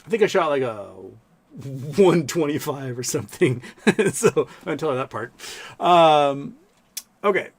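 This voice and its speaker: With a fairly high, expressive voice and an unhurried delivery, a man in his thirties rambles through stories while hosting a casual livestream chat, leaning heavily on fillers.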